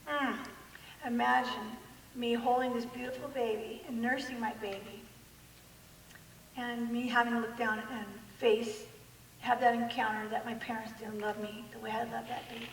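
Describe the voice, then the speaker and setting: Lady telling her testimony with jokes, high voice, far off in a big echoey hall, faint crowd. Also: moderate pace, creaky, slight background noise. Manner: animated, self-mocking humor, acts out quotes. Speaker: guest speaker. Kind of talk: personal testimony talk. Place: large church hall with an audience. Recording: echoey hall recorded from afar.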